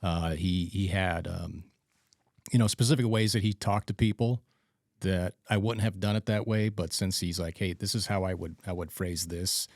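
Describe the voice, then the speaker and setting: Deep-voiced man, casual podcast host. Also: steady tone, moderate pace, a little mellow, dry recording, studio quality. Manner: rambling, restarts and acts out quoted exchanges. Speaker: podcast host and trainer instructor. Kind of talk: casual chat.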